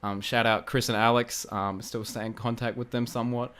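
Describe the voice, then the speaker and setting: An excitable young Australian man tells a story as a podcast guest. His voice is bright and crisp, and he laughs and repeats phrases as he goes. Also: medium pitch, brisk. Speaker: guest, fan video creator. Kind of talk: casual storytelling in a podcast chat.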